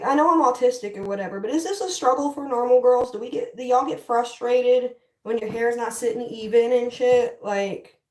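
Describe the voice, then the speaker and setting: Young woman, livestream host, casual hair-styling chat, frustrated, swears a lot, highish voice, roomy echo. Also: darkish tone, far from the mic. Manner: frustrated, swearing, talking to viewers. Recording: echoey room, voice off-mic.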